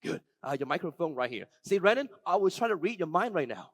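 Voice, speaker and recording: A man giving a live keynote talk, running a magic trick with a volunteer before an audience, shifting from soft, slow passages to loud, excited calls. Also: high voice, no room sound.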